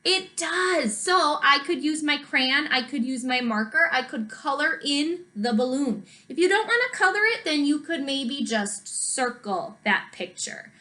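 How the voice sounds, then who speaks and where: A woman teacher giving a recorded lesson to young children, slow and encouraging, sounding out letters, then reading a storybook aloud. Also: sits high, lively intonation, sharp tone.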